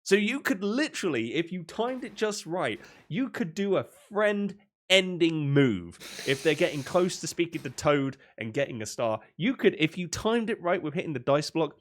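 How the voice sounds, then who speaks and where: A young British man co-hosting a casual podcast, rambling with excitement and often laughing. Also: fairly high pitch, a little fast, hardly any pauses. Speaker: podcast co-host. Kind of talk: casual chat.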